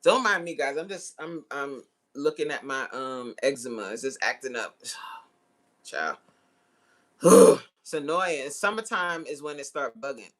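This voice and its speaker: A woman in her forties hosting a casual livestream and chatting with viewers. She is slangy and laughs often, with sudden jumps into high exclamations. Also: animated, unhurried. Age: 40s. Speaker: livestream host. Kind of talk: casual live chat reading viewer comments.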